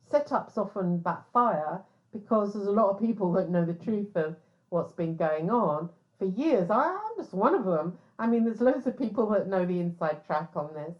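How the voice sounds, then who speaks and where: A woman from England, a private investigator talking in a chatty, sardonic monologue. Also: fairly low pitch. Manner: chatty, sardonic, animated storytelling. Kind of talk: casual monologue. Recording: slightly dull lo-fi audio.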